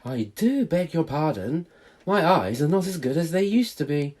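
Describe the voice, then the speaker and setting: A man's voice: a little high, sing-song, normal speed, a little mellow, pitched above the performer's own voice. A man voicing a kindly, polite elderly lady in a genteel, prim manner. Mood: surprised.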